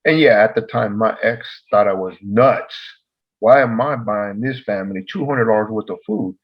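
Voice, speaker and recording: Male podcast co-host, husky low voice, lively storyteller, dull recording. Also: normal speed. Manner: animated, acts out dialogue in the story. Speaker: podcast co-host, former probation officer. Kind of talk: casual storytelling.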